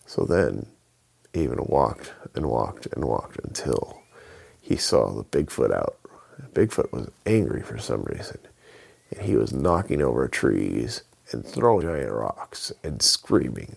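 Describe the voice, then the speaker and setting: A man narrating a children's bedtime story in an unhurried, storybook way. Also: rumbling low, sing-song, gravelly, darkish tone, breathy edge.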